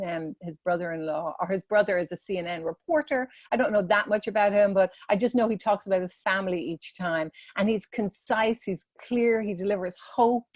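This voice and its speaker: A woman's voice: medium pitch, a little mellow, no room sound. A woman who runs salons, giving a casual, earnest talk to salon leaders with many fillers. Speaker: salon business leader presenting a webinar.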